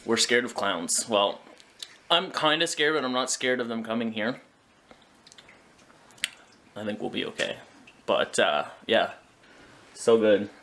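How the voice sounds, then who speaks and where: A man's voice: mid-range voice, animated, measured pace, pauses often, noisy background. A man talking casually in a home vlog, chatty and self-mocking, with a kitchen around him. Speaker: vlogger.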